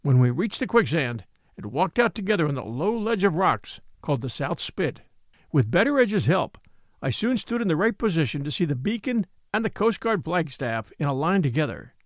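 A man narrating a classic novel in a measured, expressive reading. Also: fairly high pitch, dry recording, clean studio sound. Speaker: audiobook narrator. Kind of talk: scripted narration.

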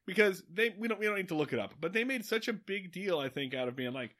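Man, podcast co-host, high voice, very lively, casual film recap. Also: fast. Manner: lively, excitable, jumps into high voices for characters. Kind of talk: casual movie recap chat.

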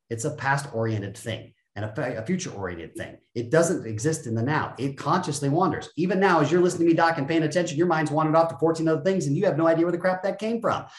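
A man's voice: fairly high pitch, reverberant. A man speaking as a guest on a podcast, blunt and emphatic, often acting out other people's voices to make a point. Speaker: guest, self-help speaker. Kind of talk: energetic podcast conversation.

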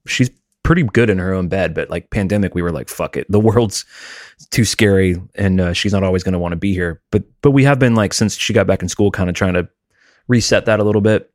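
A man's voice: sits low, a little mellow, no room sound, studio quality. A man in his forties, a podcast co-host, telling candid and emotional stories about his family in casual chat.

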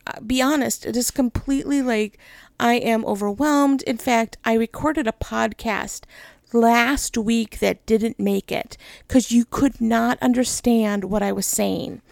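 Gravelly candid woman ministry leader. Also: a little high, fairly even intonation, measured pace, a little mellow, dry recording, studio quality. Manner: emotional, laughing often, rambling with "right?" tags. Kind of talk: candid personal talk.

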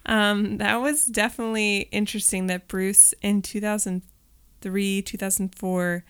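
A woman's voice: mid-range voice, little pitch movement, unhurried, a bit bright, clean tone, dry recording. A woman in her thirties co-hosting a podcast, chatting casually with wry asides and lots of fillers. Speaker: podcast co-host. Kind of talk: casual movie rewatch chat.

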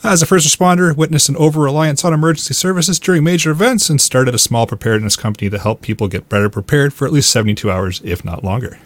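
A Canadian man hosting a podcast, introducing the episode in a brisk, organized way. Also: a little high, no room sound. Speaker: podcast host.

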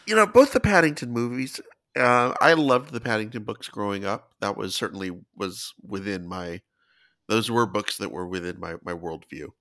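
A man in casual podcast chat, his voice bright and forward. He swings his pitch around a lot as he enthuses, playful and eager. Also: animated, normal speed. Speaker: podcast co-host.

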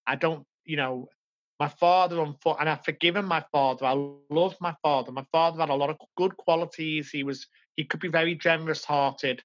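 A man in his forties recounts his past to a podcast host, earnest and reflective, often stopping to restart a thought. His voice sits a little high. The sound is dull and lo-fi. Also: fairly even intonation, fairly quick. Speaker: podcast guest. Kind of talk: reflective personal storytelling.

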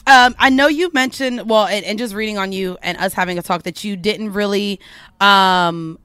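A woman's voice: medium pitch, normal speed, fairly bright tone, smooth, dry recording. A woman hosting a podcast and asking her guests earnest, searching questions. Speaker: podcast host. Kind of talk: interviewing.

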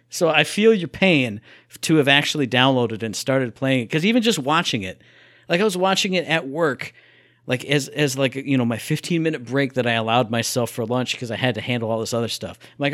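A young man co-hosting a casual gaming podcast, talking in an animated, playful way. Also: mid-range voice, a little fast, dry recording, clean studio sound. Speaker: podcast co-host.

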